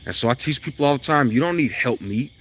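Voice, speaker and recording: A man's voice: medium pitch, lively intonation, quick pace, a bit bright, slight background noise. A man delivering a blunt, profane, preachy monologue outdoors near his house. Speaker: self-styled spiritual vlogger. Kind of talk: ranting monologue to camera.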